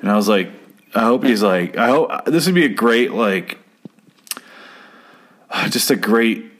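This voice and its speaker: A man's voice: fairly low pitch, expressive, measured pace. A man reviewing an old TV episode in casual, profane commentary, sarcastic and rambling, acting out the lines he quotes. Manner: sarcastic, rambling, swears freely, acts out quotes.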